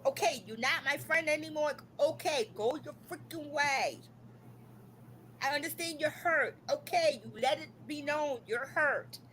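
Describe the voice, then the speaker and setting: A woman's voice: high voice, measured pace, fairly bright tone, slight background noise, rough recording. A woman hosting a live stream from home, scolding and ranting in an exasperated, repetitive way. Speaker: livestream host. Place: home room.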